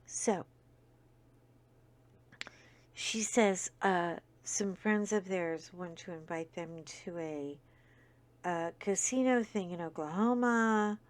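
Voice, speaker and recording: Woman, middle-aged, casual storytelling host, rambling with fillers, sniffly nose, slow pace. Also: lowish voice. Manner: rambling, full of fillers and asides.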